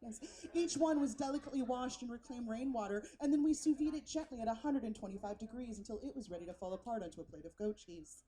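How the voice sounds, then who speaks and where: A woman playing a soft-spoken precious male waiter. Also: very high-pitched, low-quality recording. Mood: earnest. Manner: soft, slow, over-gentle. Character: precious hipster waiter, gentle and earnest.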